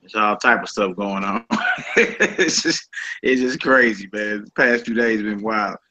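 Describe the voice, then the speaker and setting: Laid-back man teaching, bright voice. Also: on the low side, a little slow. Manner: laid-back, colloquial, repeats phrases. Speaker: Hebrew teacher. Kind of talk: casual group lesson. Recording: dull lo-fi recording.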